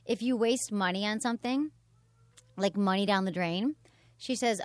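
A woman hosts a podcast in loose, chatty conversation, often laughing and letting sentences fade off softly. Her voice sits at a middling pitch for a woman. The recording is close and dry, with no room sound around her. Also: moderate pace, no echo. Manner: chatty, laughing, trailing off quietly. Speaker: podcast host. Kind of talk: casual chat and sponsor reads.

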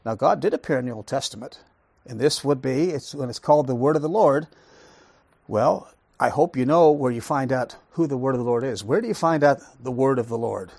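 A man's voice: medium pitch, a little fast, creaky, a little mellow, dry recording. A man leading a Bible study lesson, talking emphatically, asking rhetorical questions and repeating words for stress. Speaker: Bible teacher.

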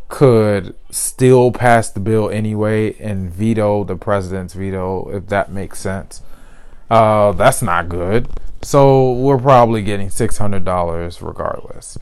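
Laid-back slow-talking man, low voice. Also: clean tone. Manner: laid-back, repeats phrases, laughs easily. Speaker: podcast host. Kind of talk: casual solo sports and news chat.

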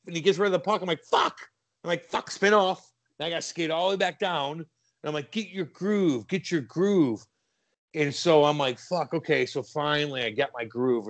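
Midwest guy, ex hockey player, swears a lot, gets animated telling old stories on a podcast. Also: medium pitch. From American Midwest. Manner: profane, animated, acts out his own past shouts. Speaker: former hockey player, guest. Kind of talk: casual storytelling interview.

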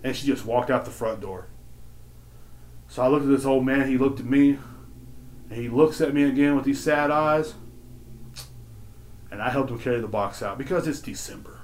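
A man's voice: mid-range voice, moderate pace, long pauses, a little mellow. Profane, exasperated man ranting on a podcast. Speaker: podcast host. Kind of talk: casual storytelling rant.

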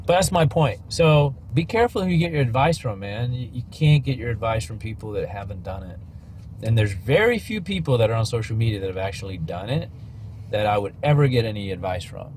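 A man's voice: fairly low pitch, lively intonation, a little fast, darkish tone, a little hiss or hum. Blunt, emphatic podcast host man. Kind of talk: casual motivational rant.

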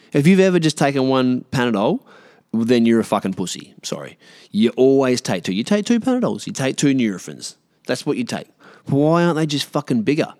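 A man's voice: medium pitch, darkish tone. An Australian man in his late thirties, a podcast host, ranting alone in a rambling, profane, sarcastic way. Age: 30s. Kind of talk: solo rant.

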